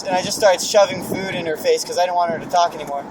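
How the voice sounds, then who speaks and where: High-pitched young guy rambling a ghost story, lots of swearing, noisy outside. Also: fairly even intonation, fast. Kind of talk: casual chat. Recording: noisy outdoor recording.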